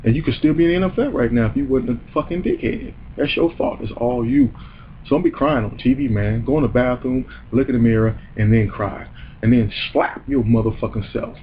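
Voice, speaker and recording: A man's voice: mid-range voice, brisk, narrow, tinny audio, a little hiss or hum. A man hosting a comedy show, delivering a heated, profane and mocking rant. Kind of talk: ranting comedic commentary.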